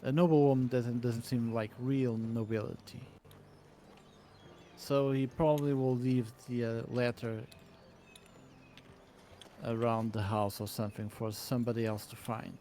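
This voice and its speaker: Slow, halting man at a game table. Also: medium pitch, level tone, dark tone, a little hiss or hum. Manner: slow, halting, with many fillers. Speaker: player. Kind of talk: describing his character's actions in a tabletop game.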